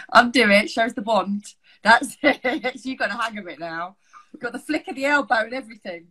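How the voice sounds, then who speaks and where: A woman's voice: fairly high pitch, normal speed, long pauses, pushed and bright, slightly rough, rough recording. A woman hosting a casual makeup chat over a video call, teasing and laughing as she gives instructions. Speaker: makeup tutorial host.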